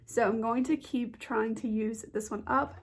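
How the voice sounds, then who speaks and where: A woman's voice: a little high, fairly even intonation, normal speed, gravelly, husky. A young woman chatting casually about beauty products she has used up, her voice nasal and stuffy from a blocked nose, with lots of "like" fillers. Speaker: beauty vlogger.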